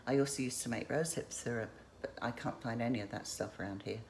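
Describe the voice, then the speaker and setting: Very low-voiced chatty woman. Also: fast, creaky, slight background noise. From England. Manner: chatty, rambling, self-interrupting. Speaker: vlogger. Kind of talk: casual show-and-tell vlog.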